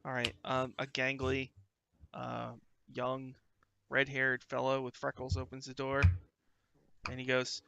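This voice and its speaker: A man narrating as game master of a tabletop game, animated and playful. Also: mid-range voice, a little slow, gravelly, pauses often, clear, resonant tone, no room sound.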